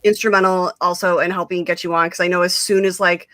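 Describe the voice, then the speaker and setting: Female host, casual livestream chat, bright edgy tone, bubbly and giggly, dry close sound. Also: lowish voice, flat delivery, fast, no echo. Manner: bubbly, giggly storytelling with lots of "like".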